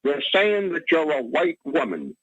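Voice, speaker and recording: A male caller rambles through a radio call-in, stumbling over words and restarting sentences again and again. His voice sits high and swings widely in pitch. The line is dry and muffled, like a lo-fi phone. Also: huge pitch swings, a little slow, fairly bright tone, dry recording. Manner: rambling, stammering, many restarts. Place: Boston area.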